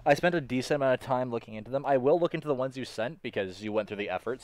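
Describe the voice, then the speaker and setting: A man's voice: medium pitch, racing, darkish tone, slight background noise. A man streaming a game, chatting casually with viewers in a blunt, sweary manner. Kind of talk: casual gameplay commentary.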